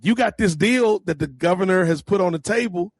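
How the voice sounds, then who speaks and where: A man co-hosting a casual podcast review, excitedly retelling TV scenes and acting out the characters' lines. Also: high voice, brisk, dry recording. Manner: animated, acts out scenes in quoted voices. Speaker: podcast co-host.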